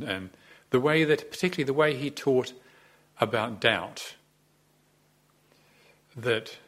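A man's voice: on the low side, fairly bright tone. A man in his sixties, a Buddhist abbot, giving a conversational dharma talk in a reflective, self-deprecating way, with frequent hesitations. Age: 60s.

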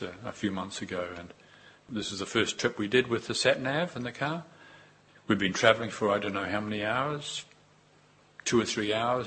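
A man giving a Buddhist dharma talk, unhurried and reflective, with pauses and repeated phrases. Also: fairly low pitch, a bit bright, a little hiss or hum. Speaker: Buddhist teacher.

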